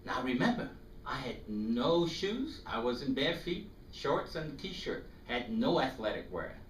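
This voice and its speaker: A man in his fifties from South Africa tells a story to an audience, and his pitch swings widely as he speaks. His voice is bright and echoes through an indoor room from a distant mic, over faint background noise. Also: sing-song, a little slow. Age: 50s.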